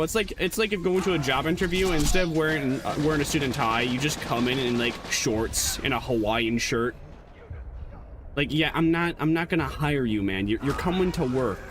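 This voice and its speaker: Rambling, lively-voiced male streamer. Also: on the high side, slight background noise. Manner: rambling, self-correcting, joking; stammers on restarts. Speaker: VTuber streamer. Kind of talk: casual livestream chat.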